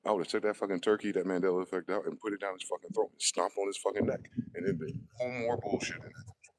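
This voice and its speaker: Low-voiced man ranting, profane. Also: fairly even intonation, quick pace, poor audio. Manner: profane, combative, asks and answers himself. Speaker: online video host. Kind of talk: ranting monologue.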